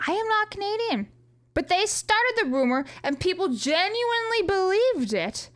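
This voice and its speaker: A woman with a high voice runs a casual live stream. She reads her viewers' chat aloud and answers in a chatty, joking way, swearing freely. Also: sing-song, moderate pace.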